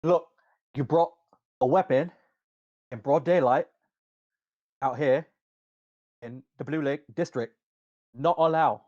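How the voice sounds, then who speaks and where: A man's voice: high voice, drawn-out words, pauses often, a little mellow, pitched above the performer's own voice. Man putting on a pompous guard captain in armor, barks orders, lo-fi sound. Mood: stern. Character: bossy male town guard captain.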